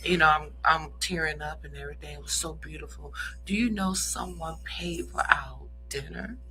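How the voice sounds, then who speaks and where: A woman's voice: deep voice, normal speed, pushed and bright, poor audio. A woman co-hosting a radio chat show, animatedly telling stories to listeners she calls y'all. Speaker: co-host. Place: radio studio.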